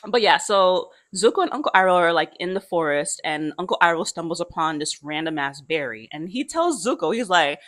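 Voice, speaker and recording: A woman's voice: on the low side, animated, brisk, hardly any pauses, a bit bright. A young woman vlogger chatting casually, slangy, swearing freely and laughing often. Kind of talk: casual chat.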